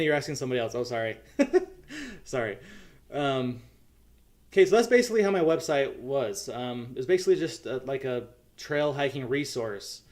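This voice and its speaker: A young adult American man hosting a casual livestream chat, earnest and halting, with lots of ums. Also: medium pitch. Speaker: YouTube channel host.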